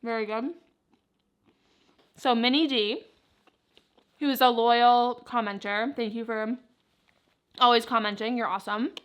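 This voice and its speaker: A woman's voice: on the high side, steady tone, unhurried, pauses often, smooth. A young woman vlogger chatting casually, answering viewer questions while she eats. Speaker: plant vlogger.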